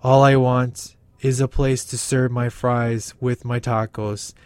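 A man voicing a brooding male caped vigilante in a comedy skit, growling and breathing heavily with awkward pauses. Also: mid-range voice, level tone, clear, resonant tone, no echo, close to an everyday voice. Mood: grumpy stubborn. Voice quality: growling, heavy breathing, shouty. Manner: grumpy and stubborn with awkward pauses.

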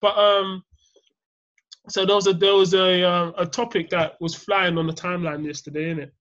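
A man's voice: high-pitched, little pitch movement, normal speed, a bit bright. A young man hosting a casual chat, loose and laughing, with "innit" at every turn. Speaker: podcast host. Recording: dull lo-fi sound.

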